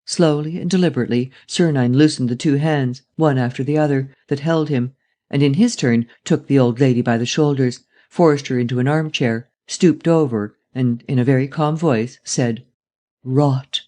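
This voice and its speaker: Male narrator, audiobook, measured, mellow, mid pitch.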